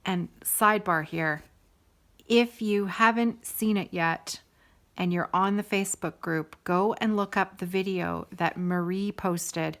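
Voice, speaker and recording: Middle-aged woman, chatty host, rambling asides, enthusiastic, slightly low pitch. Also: a little slow. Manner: warm and enthusiastic. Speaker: host of a stitching video show. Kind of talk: casual chat to viewers.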